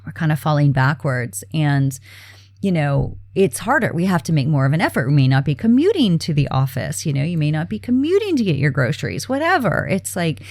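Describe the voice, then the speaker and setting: Low, gravelly-voiced woman host. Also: a little fast, no room sound, clean studio sound. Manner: relaxed and chatty, many fillers, soft breathy laughs. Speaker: podcast host. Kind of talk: casual self-care talk.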